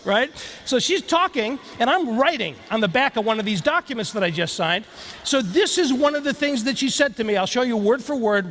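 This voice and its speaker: A man's voice: very high voice, fairly bright tone. A man giving a live keynote talk, telling stories playfully and speaking straight to the audience. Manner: storytelling, playful, engages the audience directly.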